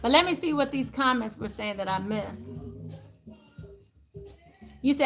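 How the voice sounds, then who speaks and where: High bright-voiced woman livestreaming. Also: a little slow, pauses often, faint music behind. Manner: animated, blunt, profane, laughs often. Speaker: spiritual livestream host. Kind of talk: casual livestream talk.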